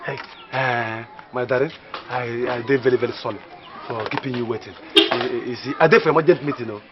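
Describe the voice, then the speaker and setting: An actor playing a sweet-talking late husband. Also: male voice, medium pitch, steady tone, a little fast, muffled recording, noisy background, natural voice. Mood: apologetic. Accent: Nigerian Pidgin English. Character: apologetic husband coming home late.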